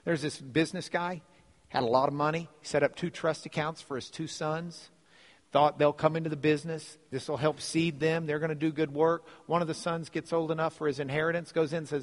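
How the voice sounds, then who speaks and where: A male pastor tells a story in a sermon, with lively delivery and phrases repeated for emphasis. His voice sits somewhat high. A long reverb hangs on his words in a large hall. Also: brisk.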